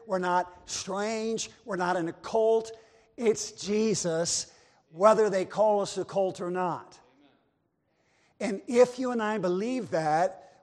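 A male preacher delivers an emphatic sermon and hammers his points home with repetition. His voice sits high and carries a long reverb, as in a church sanctuary. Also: a little mellow. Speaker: Baptist preacher. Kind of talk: sermon with storytelling. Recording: long reverb of a large hall.

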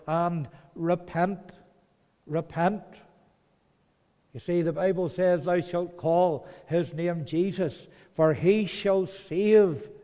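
A man preaching a sermon, swinging between loud urgent pleading and soft hushed tones. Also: fairly high pitch. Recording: long hall reverb.

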